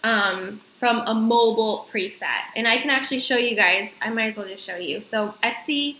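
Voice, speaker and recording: A woman vlogger talks viewers through a casual tutorial, chatty and full of fillers. Her voice is fairly high and bright. The room around her sounds echoey. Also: normal speed. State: slightly out of breath. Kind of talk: casual screen-share tutorial.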